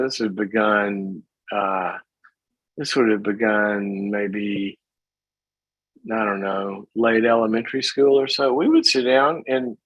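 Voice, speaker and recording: A man's voice: lowish voice, fairly bright tone, no echo, poor audio. A middle-aged man hosting a call-in advice show, talking in a casual, folksy way and acting out little scenes.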